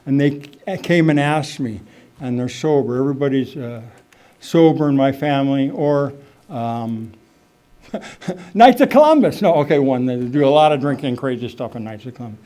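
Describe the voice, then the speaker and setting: A middle-aged man giving a rambling, animated personal testimony at a recovery meeting, full of fillers and asides. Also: medium pitch, moderate pace. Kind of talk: personal testimony, casual storytelling.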